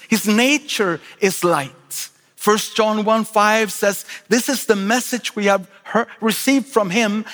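Preaching with energy, this Swedish guest pastor is middle-aged, with a high voice and an accent from home. Joking asides and restarted phrases mark his delivery, which echoes through a big church auditorium's long reverb.

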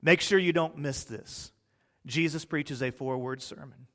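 A man preaching a sermon, swinging from hushed, drawn-out words to loud, excited bursts as he acts out the disciples' panic. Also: fairly high pitch, in a large hall.

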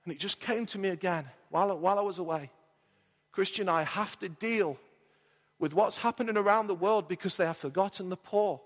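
A male pastor preaching with a high-pitched voice that swells with emphasis and slows on his key phrases. His words ring out with a long reverb from a church hall. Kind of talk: sermon.

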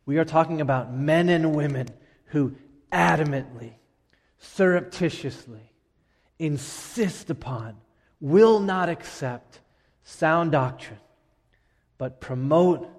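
A middle-aged man preaching a sermon as pastor, emphatic, with dramatic pauses and swings from loud to hushed. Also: fairly high pitch. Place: church sanctuary. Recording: long reverb of a large hall.

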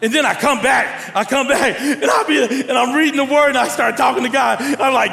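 A man preaching a sermon to a congregation, animated and storytelling, his voice sometimes rising to near shouts. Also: very high voice, a little fast, creaky, few pauses. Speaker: pastor. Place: large church hall. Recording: long hall reverb.

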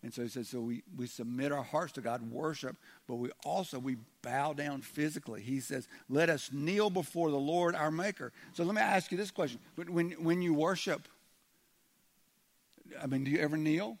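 A man's voice: a little high, normal speed. A male pastor delivering a sermon in a slightly raised voice. He talks in a loose, conversational way, stumbling and repeating words as he goes, and breaks into little acted-out voices for the people he quotes.

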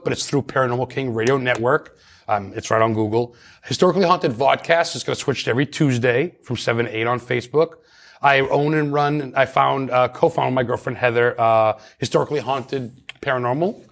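A man's voice: medium pitch, vocal fry, fairly bright tone. A man talking as a paranormal investigator guest in a casual interview, chatty and rambling with many restarts.

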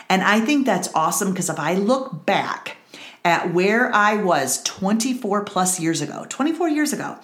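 A woman's voice: lowish voice, roomy sound. A middle-aged woman hosting a Bible study, giving an earnest personal testimony and repeating phrases for emphasis.

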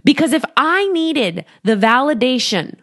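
This coach, a woman in her thirties, records her solo podcast at a studio microphone, her voice sitting high and her pace measured. Animated throughout, she laughs a lot and imitates the voices in her quotations.

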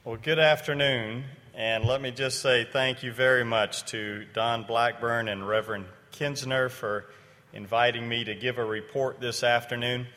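Brief: man, mid-pitched, speaking as a missionary in a church, lively storyteller, reverberant hall sound. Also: unhurried. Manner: storytelling, animated and earnest. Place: church sanctuary.

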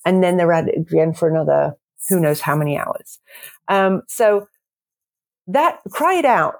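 A woman in her forties talking casually about parenting, animated and quick to laugh, acting out little voices. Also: creaky. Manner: animated, acts out voices with big pitch jumps; laughs often. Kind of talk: casual conversational explanation.

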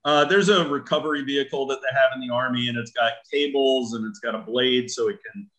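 A man's voice: mid-range voice, fairly quick, poor audio. A middle-aged man, a guest in an interview, telling a story and acting out the dialogue in it. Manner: animated, acts out quoted dialogue. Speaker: guest, leadership training firm owner.

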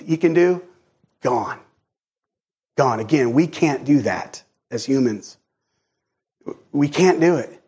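A pastor preaching a sermon in an earnest way, often repeating words and acting out short prayers. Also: male voice, a little high, darkish tone, husky.

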